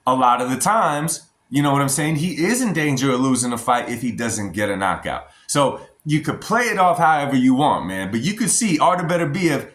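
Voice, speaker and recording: An American boxing commentary vlogger talks casually and emphatically, repeatedly addressing his viewers directly. His voice is at an ordinary middle pitch with a fairly bright tone, and the recording has noticeable room echo.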